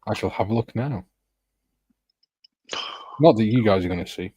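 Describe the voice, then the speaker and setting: Low-voiced Welsh man chatting on a stream. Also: normal speed, warm tone, husky, no room sound. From Wales. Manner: laughs often, tells anecdotes, reads viewer comments aloud. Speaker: co-host. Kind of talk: casual livestream chat.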